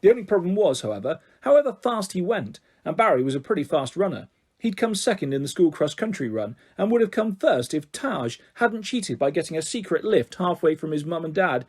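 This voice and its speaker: A man reading a children's book aloud, expressive and animated. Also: on the high side, brisk, breathy edge. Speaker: narrator. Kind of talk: audiobook reading.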